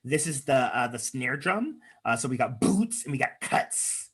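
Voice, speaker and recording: A man's voice: mid-range voice, big pitch swings, measured pace, husky. A man leading an online speaking workshop, chatty and encouraging, with lots of fillers, over a video call. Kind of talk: workshop talk with improv exercises.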